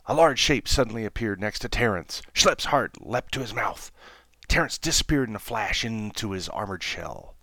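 A man hosting a podcast, reading a children's novella aloud in a measured storytelling manner. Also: on the low side, animated, bright, forceful tone, dry recording, studio quality. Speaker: podcast host.

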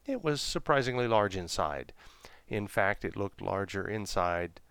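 Brief: male storybook narrator, gentle pacing, deep-ish voice, dry close mic. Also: lively intonation, a little slow, vocal fry, smooth, no echo. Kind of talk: storybook reading.

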